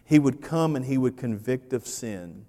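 A man preaching a sermon as pastor, animated, swinging from loud to hushed and repeating his phrases. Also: mid-range voice, normal speed. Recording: reverberant church hall.

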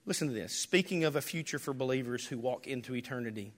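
A male pastor preaching a sermon, rising to loud, impassioned declarations and dropping to near-whispers. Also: mid-range voice, fast talker. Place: church sanctuary. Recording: hall reverb.

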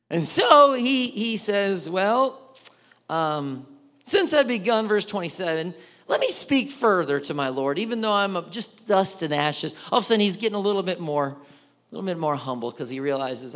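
A man delivers a sermon with a bright, high voice that leaps and falls all the way through. He acts out every side of the dialogue as he tells it. His voice rings through a hall with a long echo. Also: normal speed. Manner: animated storytelling, acting out both sides of the dialogue. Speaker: pastor.

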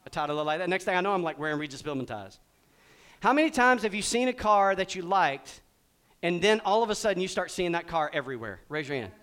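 A middle-aged man preaching a sermon, quizzing his congregation and acting out little scenes with big swings in pitch and volume. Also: fast talker, clean tone. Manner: animated, asks the congregation questions. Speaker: pastor.

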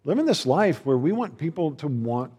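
A man's voice: fairly high pitch, very animated, normal speed, dark tone, husky. Man preaching conversationally in a reverberant hall. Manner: conversational, rambling with frequent restarts; acts out others' voices in quoted dialogue. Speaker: pastor. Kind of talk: sermon. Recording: long reverb of a large hall.

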